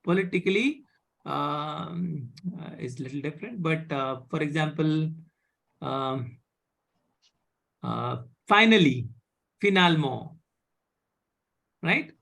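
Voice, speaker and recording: A man teaching a live online French class, halting with many fillers and often asking "okay?". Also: on the high side, lively intonation, creaky, a bit bright.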